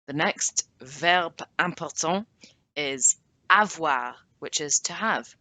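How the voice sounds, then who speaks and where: A woman giving a casual language lesson, chatting and correcting herself as she sounds out example phrases slowly. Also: sits low, bright, forceful tone, no room sound. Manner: chatty, self-correcting, drawn-out French examples. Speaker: language teacher.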